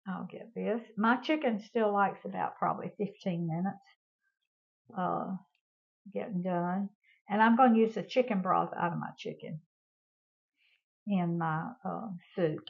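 A woman's voice: mid-range voice, vocal fry, narrow, tinny audio. An older woman, hosting a casual home cooking demonstration in a chatty, homey way and talking to her viewers as y'all. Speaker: cooking show host.

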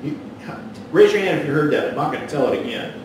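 A man's voice: fairly high pitch, lively intonation, fast talker, darkish tone, heavy reverb, far from the mic, a little hiss or hum, rough recording. A man preaching a sermon as pastor, folksy and storytelling, with a joke that he acts out in voices. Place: church sanctuary.

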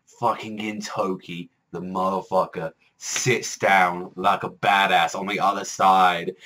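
A man's voice: sits low, flat delivery, takes it slowly, sharp tone, slight background noise. A man casually reviewing an anime episode, rambling and swearing a lot. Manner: rambling, heavy swearing, many "like" fillers.

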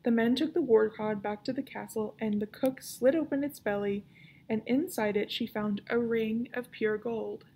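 A woman librarian reading a children's novel aloud with clear, expressive storytelling. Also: on the high side, moderate pace, slight background noise.

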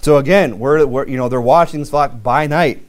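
A man's voice: mid-range voice, normal speed. A married man preaching a sermon in a loose, conversational way, with frequent fillers and restarts. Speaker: pastor.

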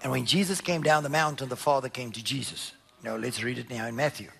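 Reading from scripture and offering commentary, this preacher swings emphatically from loud proclamations to quiet murmurs. He talks fast with vocal fry, though his intonation stays fairly even.

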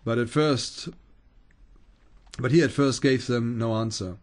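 A man, a Bible teacher, reads an ancient account aloud at an unhurried pace, with small stumbles and restarts. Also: medium pitch, steady tone.

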